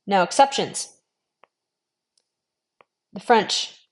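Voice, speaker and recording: A woman giving an online language lesson, modelling sounds slowly, repeating them and adding friendly, encouraging asides. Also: fairly low pitch. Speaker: language teacher.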